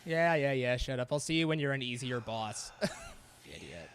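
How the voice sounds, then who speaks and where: A man giving relaxed commentary over his gameplay, at an ordinary middle pitch. He chats away, laughs often and answers back to the characters on screen, with a faint hiss of noise behind him. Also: moderate pace. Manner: chatty, laughs often, talks back at the game. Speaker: gameplay streamer.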